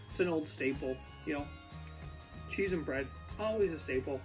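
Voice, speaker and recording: A man talks off the cuff to his viewers, rambling from one thought to the next in a slightly high voice. He records in his home basement on an ear pod, with music clearly playing under his talk. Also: animated, moderate pace. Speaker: YouTube food reviewer. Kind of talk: casual unscripted vlog talk.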